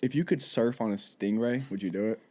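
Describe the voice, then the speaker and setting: A man's voice: mid-range voice, brisk, dark tone. A man hosting a comedy podcast in a casual chat, playful and laughing a lot as he sets up silly bits. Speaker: podcast host.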